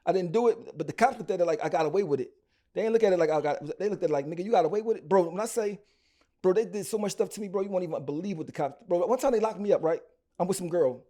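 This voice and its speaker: A man from Philadelphia with a Philly accent, telling his story as a rapper guest in an interview in slangy, animated bursts full of restarts. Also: high voice, racing.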